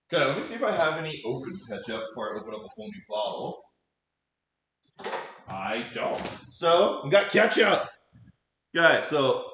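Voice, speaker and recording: A man's voice: a little high, sharp tone, echoey room, slight background noise. A man chatting casually with his live chat while cooking at home, goofy and laughing often. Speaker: cooking streamer. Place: home kitchen.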